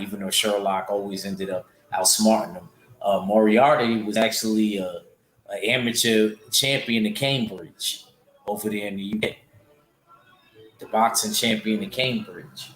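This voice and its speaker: A man's voice: lowish voice, fairly bright tone, echoey room, slight background noise. Rambling man chatting to a livestream. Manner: loose, rambling, talks back to chat. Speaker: boxing show host reading chat. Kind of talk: casual livestream chat.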